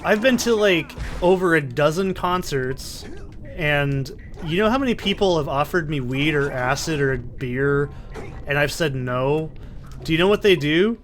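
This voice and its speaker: This man commentates a video game in let's play style, casually recounting a long story full of profanity and tangents and frequently breaking off mid-thought. His voice is a little high, expressive, a bit bright, and slightly slow. Faint background music accompanies him, and he uses a desk condenser mic in a soundproofed corner.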